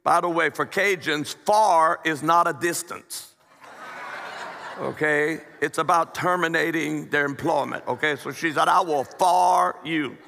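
A male preacher tells jokes and stories to his congregation in a folksy, easygoing way, often restarting his sentences. His voice is bright and forceful, pitched a little high for a man. The sound rings with the long reverb of a church hall. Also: unhurried, vocal fry. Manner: folksy, joking, with frequent restarts. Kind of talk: storytelling sermon.

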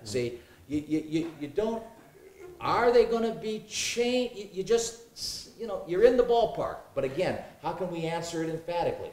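A man's voice: high-pitched, big pitch swings, moderate pace, darkish tone, reverberant. A man in a Bible study discussion, reading scripture aloud and musing with many fillers. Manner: reads scripture aloud, hesitant with fillers, jokes and laughs.

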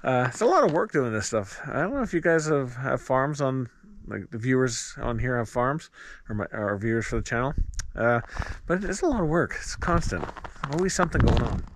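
A man's voice: mid-range voice, expressive, normal speed. A man rambling casually as he vlogs his chores on a snowy farm, chuckling often. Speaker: homestead vlogger. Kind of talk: casual vlog chat.

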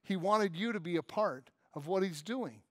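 A man's voice: high voice, moderate pace, fairly bright tone, no room sound, clean studio sound. A man pastor preaching a conversational, humorous sermon with strong emphasis. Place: church.

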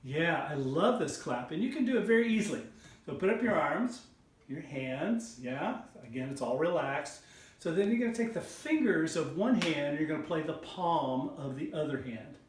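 A man's voice: a little high, expressive, moderate pace, slight background noise. A middle-aged man teaching body percussion in an online lesson, coaxing listeners to join in and chanting rhythm syllables. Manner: encouraging, coaxing call-and-response. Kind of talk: online music lesson for children. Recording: roomy sound, mic at a distance.

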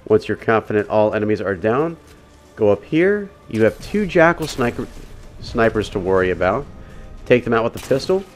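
A man's voice: on the low side, very animated, normal speed, soft background music. A man giving casual, step-by-step gameplay commentary as the voice-over for a game walkthrough. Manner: casual, instructive, talks the viewer through each step. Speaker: video game walkthrough narrator.

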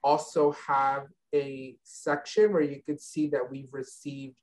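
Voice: medium pitch, level tone, slow pace, darkish tone, poor audio. A university advisor explaining admissions steps on a video call, with frequent ums and restarts. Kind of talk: online info session Q&A.

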